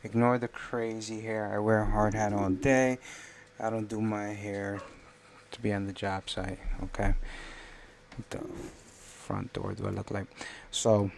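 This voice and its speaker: A man with a low, flat voice talks casually through a live stream as he works on a design. He rambles and corrects himself as he thinks aloud. A faint hum of room noise sits under his voice. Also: creaky.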